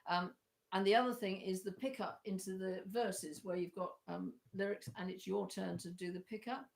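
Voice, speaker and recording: Croaky woman leading choir practice. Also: medium pitch, steady tone, normal speed. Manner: chatty, hesitant with many ums, breaks into singing parts. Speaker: choir leader. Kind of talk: online choir rehearsal coaching.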